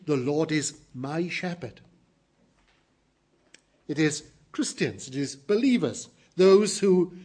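A man preaching a morning sermon to his congregation, earnest and emphatic, slowing down to stress key phrases. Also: fairly high pitch, slightly rough. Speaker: pastor.

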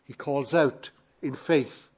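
A man preaching a sermon, emphatic and fervent, building repeated phrases in a measured cadence. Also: mid-range voice, husky. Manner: fervent, emphatic, swells louder on key phrases.

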